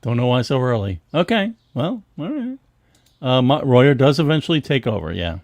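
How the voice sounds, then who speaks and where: Gravelly man rambling about comics. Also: medium pitch, very animated, moderate pace, a little mellow, no echo. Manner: rambling, many restarts, laughs often. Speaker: co-host of a comics history show. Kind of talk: casual livestream chat about comic art.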